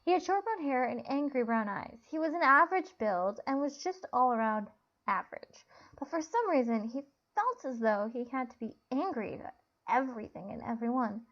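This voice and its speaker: A woman narrating a novel in a plain, unhurried reading with small slips, on a dull lo-fi recording. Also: high voice, expressive, fairly bright tone.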